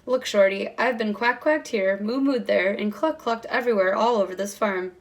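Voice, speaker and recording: A woman's voice: moderate pace, close to an everyday voice. A woman voicing a cranky, screeching female witch while reading a picture book aloud. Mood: bossy. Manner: shrill, screeching and insulting.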